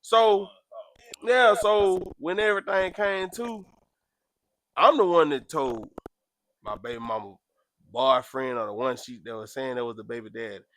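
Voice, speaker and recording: A man chatting casually, telling a story with animated, loud acted-out quotes. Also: unhurried, long pauses. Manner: animated, acts out quotes with sudden loud jumps in pitch. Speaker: podcast host.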